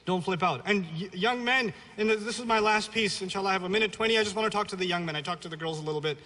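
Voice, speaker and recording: Man giving a religious lecture, high bright voice, blunt and joking, long hall reverb. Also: rapid-fire. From Pakistani family, raised in New York City. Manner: blunt, humorous, exhorting. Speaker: Islamic lecturer.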